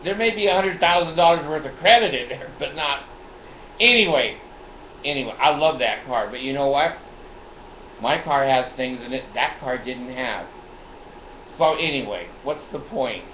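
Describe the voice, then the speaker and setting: A man's voice: medium pitch, expressive, moderate pace, echoey room, highs cut off, slight background noise. An older man hosting his own show, telling a rambling, bawdy, boastful story and laughing often. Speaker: show host.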